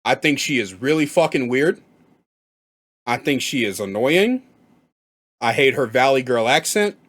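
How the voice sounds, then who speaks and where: A man's voice: mid-range voice, expressive, measured pace, a bit bright. A man giving blunt, profane reaction commentary, rambling and repeating himself as he makes his points.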